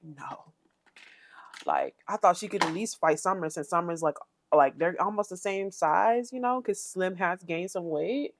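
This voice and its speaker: A woman's voice: normal speed, background noise. Chatty woman recapping reality TV. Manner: chatty, animated, mimics cast members in high voices. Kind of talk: casual commentary recap.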